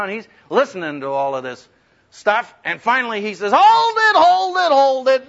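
A man giving a humorous, lively talk to students on how to preach, acting out the voices he quotes. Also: on the high side. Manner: animated, humorous, acts out quoted voices loudly. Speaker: preacher teaching speaking skills. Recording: dull lo-fi recording.

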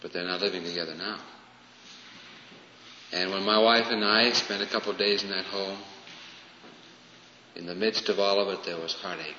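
Male pastor, sermon delivery, loud emphasis dropping to hushes; long church reverb, faint hiss. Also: deep voice, steady tone, normal speed, pauses often. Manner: swings from loud emphasis to hushed, falling phrases. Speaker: preacher. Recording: dull, roomy hall recording with faint hiss.

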